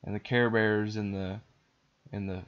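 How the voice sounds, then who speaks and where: A man hosting a podcast, casually retelling a cartoon plot in a rambling, animated way. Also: lowish voice, measured pace, highs cut off. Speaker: podcast host.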